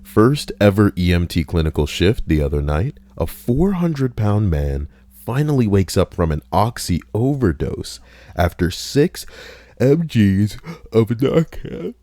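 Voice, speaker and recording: Deep-voiced joking male streamer. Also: very animated, unhurried, warm tone, no room sound. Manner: jokey, breaks into squeaky silly voices. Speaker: streamer reading stories aloud. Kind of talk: live-stream reading with chat.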